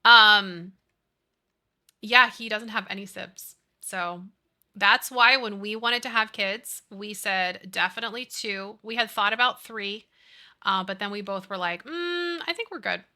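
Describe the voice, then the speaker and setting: A woman in her thirties chats with her viewers on a live stream, gushing and answering their messages one after another. Her voice is very bright and sits at a middle pitch. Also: fairly even intonation, unhurried. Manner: chatty, gushing, reads chat aloud. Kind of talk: casual live-stream chat.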